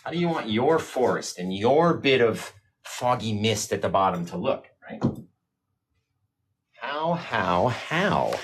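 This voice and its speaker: A man teaching a live painting lesson, excited and chatty with viewers, a bit teary and sniffly. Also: on the low side, moderate pace, husky. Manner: excited, talks to chat while painting. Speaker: painting instructor.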